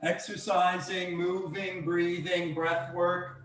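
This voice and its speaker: A man coaching a breathwork and exercise session, giving calm, encouraging step-by-step cues. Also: high-pitched, slow pace. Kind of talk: guided workout instruction. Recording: very echoey room, mic far off.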